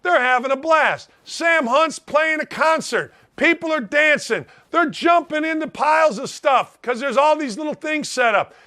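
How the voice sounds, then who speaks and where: Blunt, riled-up sports talk host. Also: male voice, very high voice, unhurried, few pauses, bright, forceful tone. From Indianapolis, United States. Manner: blunt, riled-up, folksy slang. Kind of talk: opinionated sports radio monologue.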